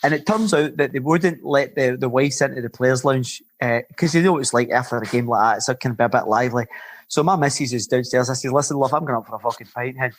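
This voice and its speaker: A Scottish man in his fifties, a former footballer and podcast guest, telling lively rambling stories and swearing freely. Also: mid-range voice, fast. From Scotland. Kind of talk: casual anecdotal storytelling.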